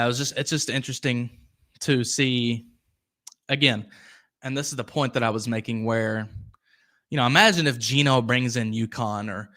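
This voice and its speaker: Young man, sports podcast host, casual rambling talk, bright voice, medium pitch. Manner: rambling, reads viewer comments aloud, goes off on tangents. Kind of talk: casual live-stream commentary.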